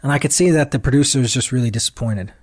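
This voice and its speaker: A man's voice: mid-range voice, very fast, dry recording, studio quality. A man in his thirties, a guest musician, telling a long story in an interview and acting out what people said to him. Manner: animated retelling that acts out quoted dialogue.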